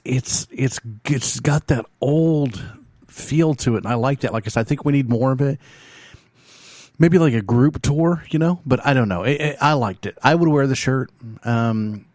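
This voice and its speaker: A man hosts a music show from a studio, rambling and joking through his thoughts with plenty of ums and restarts. His voice sits at an ordinary middle pitch. The sound is close and dry, with no room around it. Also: darkish tone, no room sound. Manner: meandering, jokey, many fillers and restarts. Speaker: radio show host reviewing bands. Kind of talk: casual rambling chat. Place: studio, alone.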